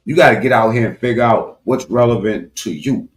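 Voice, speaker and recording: A man giving a profane, animated political commentary rant, talking straight to his viewers with sudden loud swings. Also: medium pitch, fairly quick, soft background music. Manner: animated, loud swings, heavy swearing, talks to viewers directly.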